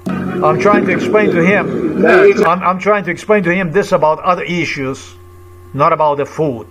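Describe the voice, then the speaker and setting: With background noise behind him, a man in a vlog tells a rambling personal account, agitated and indignant, halting and repetitive as he struggles for words. His voice is high and his tone steady.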